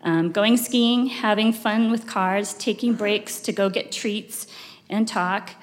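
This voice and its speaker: A woman's voice: mid-range voice, fairly even intonation, slow. Emotional middle-aged woman speaking in a chapel. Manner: rambling, emotional, with many fillers. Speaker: church speaker. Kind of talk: sacrament meeting talk. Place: church chapel. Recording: long reverb of a chapel hall.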